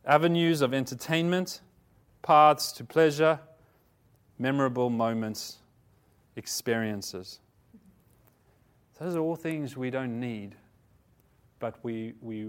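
A man's voice: mid-range voice, a bit bright. A man giving a conversational sermon, often asking his listeners questions and stopping to correct himself. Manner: conversational preaching, asks the congregation questions; self-correcting, repeats words. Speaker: pastor.

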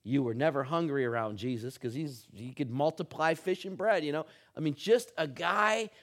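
A middle-aged man preaching a sermon, telling a funny personal story with animated, humorous delivery. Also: on the high side, moderate pace. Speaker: pastor.

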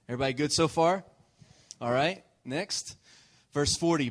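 Male pastor, relaxed sermon delivery, playful with the congregation. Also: fairly high pitch, normal speed. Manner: joking, checks in with the congregation. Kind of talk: conversational sermon.

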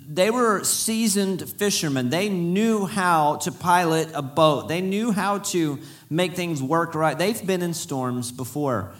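Folksy pastor telling stories in a sermon. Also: male voice, on the high side. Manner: folksy storytelling with self-deprecating humor.

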